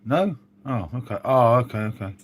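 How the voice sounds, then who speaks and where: A man's voice: mid-range voice, animated, moderate pace. A man chatting casually on a live stream, reading out viewer comments with lots of "mate" and "um".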